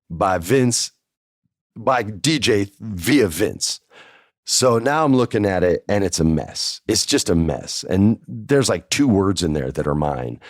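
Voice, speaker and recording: A podcast host tells a casual first-person story in a chatty way, acting out the quoted dialogue. His voice is low-pitched, and the recording is dry and of studio quality.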